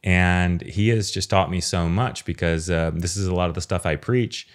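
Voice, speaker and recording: A man speaking as a podcast guest in a casual, earnest and expressive way, swearing now and then. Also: deep voice, normal speed. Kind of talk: casual conversation.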